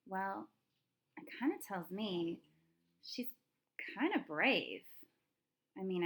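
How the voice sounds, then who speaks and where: Woman, elementary teacher, reading lesson, chatty, thinking aloud, asks children questions, mid-pitched voice. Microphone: recorded lesson video.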